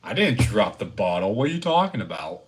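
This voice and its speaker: Young male streamer, loose profane banter, swings his pitch around a lot. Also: very animated, a little fast. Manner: rambling, profane, jokey, talks to chat, bursts into loud mock outrage. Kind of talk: casual live-stream chat.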